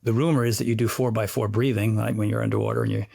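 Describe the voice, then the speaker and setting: A man, a fitness trainer, chatting as an interview guest, telling animated, rambling stories peppered with sound effects. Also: lowish voice, fast, vocal fry. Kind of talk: casual interview chat.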